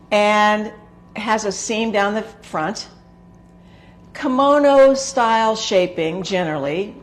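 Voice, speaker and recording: Female sewing host, hoarse and gravelly today, chatty and rambling, mid-pitched. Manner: chatty, rambling, with frequent filler words. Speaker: sewing instructor and show host. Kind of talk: casual talk to camera.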